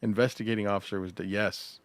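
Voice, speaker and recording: A man's voice: lowish voice, fairly even intonation, fast, no room sound, studio quality. A man guest-hosting a casual livestream podcast, loose and swearing, with lots of uhs. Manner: loose, laughing, swears freely, many filler uhs.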